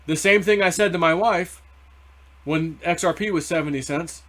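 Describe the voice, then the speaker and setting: A man's voice: a little high, normal speed, a bit bright. A man hosting a casual crypto video, rambling through a dream story with many restarts. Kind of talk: casual monologue.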